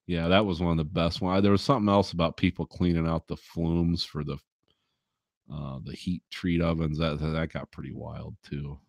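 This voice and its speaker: A man's voice: low voice, creaky, a little mellow, no echo, dull audio. A man hosting a podcast, telling a story in casual, swearing chat and laughing often. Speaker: podcast host.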